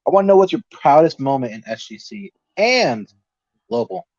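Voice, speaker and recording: A man's voice: high-pitched, very animated, moderate pace, creaky, a little mellow, no echo. A man hosting a casual podcast, reading out viewer comments in an upbeat way. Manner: upbeat, laughs often. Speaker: podcast host. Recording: dull lo-fi dry sound.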